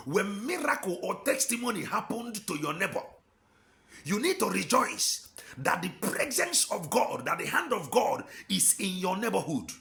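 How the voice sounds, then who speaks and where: A man with an Igbo Nigerian accent preaches an impassioned sermon in a high, creaky voice with a sharp tone. He exhorts with rhetorical questions and slips in and out of Igbo.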